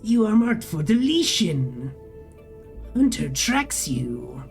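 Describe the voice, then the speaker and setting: Streamer putting on a creepy multitone vending machine voice, slow broken words, kinda ominous. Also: mid-range voice, sing-song, creaky, faint music behind, full character voice. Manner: slow, halting broken phrasing. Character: eerie multitonal vending machine, cryptic and urgent. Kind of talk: reading a narrative game aloud.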